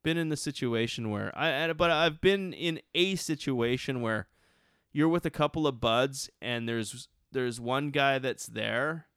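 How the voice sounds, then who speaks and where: A man in casual conversation, telling a rambling, profanity-laced story full of restarts. His voice is smooth and clear, and the recording is dry and close with no room sound. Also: mid-range voice, measured pace, a bit bright, no room sound.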